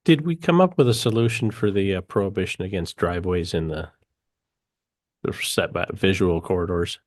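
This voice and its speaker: A man chairing a public commission meeting, running the votes briskly. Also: deep voice, no echo, clean studio sound. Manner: brisk, procedural.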